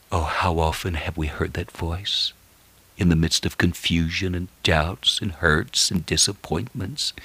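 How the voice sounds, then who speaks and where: A man's voice: sits low, sharp tone, no echo. A man preaching a sermon and praying, with an earnest, prayerful delivery.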